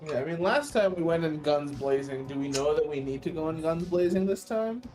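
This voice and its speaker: A man's voice: a little high, lively intonation, fairly quick, over music. A man playing a tabletop game, hesitant and thinking aloud with restarts. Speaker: player. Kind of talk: casual tabletop play.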